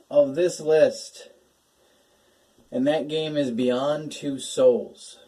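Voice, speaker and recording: Young man, gaming host, emotional and profane, slow-paced, mellow tone, a bit far from the mic. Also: a little high. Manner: emotional, swearing, laughing between words. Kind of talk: casual gaming talk to camera.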